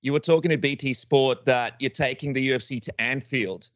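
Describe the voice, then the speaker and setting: A man's voice: mid-range voice, fairly quick, no room sound, muffled recording. Upbeat male podcast co-host. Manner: upbeat and chatty. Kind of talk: interview questions and ad read.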